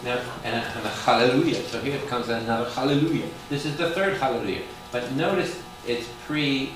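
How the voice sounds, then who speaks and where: In a lively Bible study, a Catholic priest with a mid-range voice peppers his listeners with questions and erupts into loud exclamations. The recording carries room echo, distant miking, and audible noise in the background.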